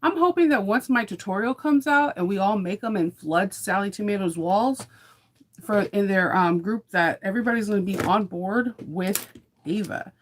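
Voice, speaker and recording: A woman's voice: mid-range voice, moderate pace, a little hiss or hum. A woman chatting casually in a morning sewing vlog, upbeat and rambling with fillers. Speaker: sewing vlogger.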